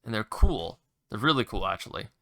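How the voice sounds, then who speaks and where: A man's voice: fairly low pitch, very animated, brisk. A young man hosting a solo podcast, chatting casually and rambling with restarts, mild swearing and eager recommendations. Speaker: podcast host.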